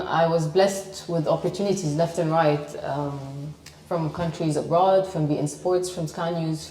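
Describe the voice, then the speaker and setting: Lebanese woman guest, deep mellow voice, confident storyteller, roomy sound from a distance. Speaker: sports presenter guest. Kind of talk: interview conversation. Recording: echoey room, mic at distance.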